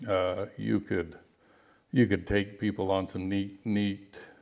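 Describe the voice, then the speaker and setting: A middle-aged man, a rancher and outfitter, telling stories in an interview in a halting, rambling way with many restarts. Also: low voice, level tone, a little mellow. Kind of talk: storytelling interview guest.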